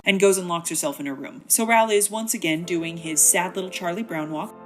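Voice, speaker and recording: A woman's voice: on the low side, fairly quick, faint music behind. A woman hosting a comedic book synopsis, narrating in a wry, chatty, slangy way. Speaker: host.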